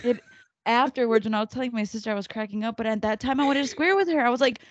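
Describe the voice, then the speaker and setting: Chatty young mom retelling stories. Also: female voice, on the high side, fast, no room sound, lo-fi sound. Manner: animated storyteller, acts out her kids' lines. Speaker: podcast co-host. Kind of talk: casual chat.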